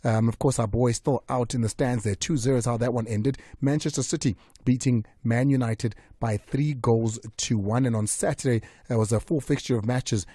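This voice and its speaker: Dark, husky radio host. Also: male voice, mid-range voice, normal speed, few pauses, no room sound, studio quality. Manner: chatty, reads scores in a relaxed run with many fillers. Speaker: radio sports show host. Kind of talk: casual radio sports chat. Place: radio studio. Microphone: studio microphone.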